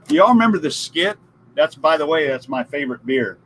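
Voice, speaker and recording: A middle-aged man with a drawl chats on a live stream, his voice sitting a bit high and swinging widely as he jokes. He tells stories with punchlines and chuckles at his own puns. A faint hum sits behind him. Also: animated, a little fast, a bit bright, rough recording. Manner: jokey, storytelling, laughs at his own puns. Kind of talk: casual live stream chat.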